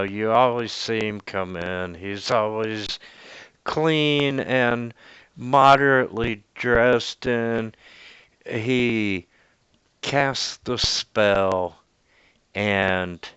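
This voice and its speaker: Man, game master, very slow halting narration, very smooth clear voice, dull dry call audio. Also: lowish voice, a bit bright, no echo. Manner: hesitant, many fillers and restarts, laughs often.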